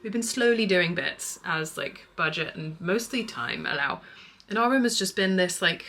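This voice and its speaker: A woman in her thirties chats casually to camera at home for her family vlog, reflective and talkative with soft laughs. Her voice is fairly low and animated, at a moderate pace.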